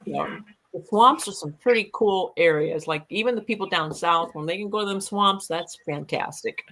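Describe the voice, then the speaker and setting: A middle-aged woman recounting an encounter in casual conversation, animated and acting out the voices she quotes. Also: fairly low pitch, moderate pace, low-quality recording. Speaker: guest. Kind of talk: casual storytelling.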